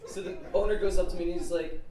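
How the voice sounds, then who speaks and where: The speaker is a teenage boy doing a stand-up set, his voice high-pitched and warm, his intonation fairly even and his pace quick. He tells a nervous, meandering story full of filler words, especially "like," on a comedy club stage before a laughing audience, recorded from a distance in a roomy space with the crowd audible.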